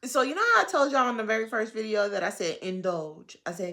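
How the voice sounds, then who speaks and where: A woman vlogger talking casually to her viewers into a handheld microphone, rambling and playful, often talking low and sultry. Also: animated, a little fast, hardly any pauses, sharp tone. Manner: playful, rambling, breaks into laughs and sung lines; talks low and sultry at times.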